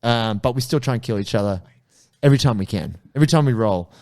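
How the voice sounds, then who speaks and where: Animated, swearing jiu-jitsu podcast host. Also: male voice, lowish voice, fast. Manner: animated storyteller, swears casually, acts out quotes. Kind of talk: casual chat.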